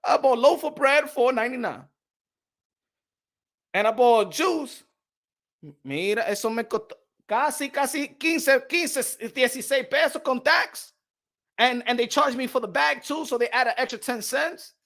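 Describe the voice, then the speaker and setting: A man's voice: very high voice, animated, normal speed, vocal fry, fairly bright tone. A man hosting a boxing channel, ranting casually with lots of stammered restarts. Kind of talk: casual vlog rant.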